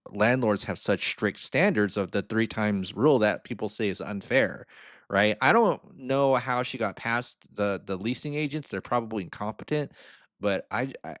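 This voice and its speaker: A man with a low voice talks through a video he is reacting to. His delivery is loose and conversational, and he often tags his points with a quick "right?". The sound is dry and close. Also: a bit bright, no room sound. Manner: chatty, asks "right?" often, frank opinions. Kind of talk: casual commentary on a video.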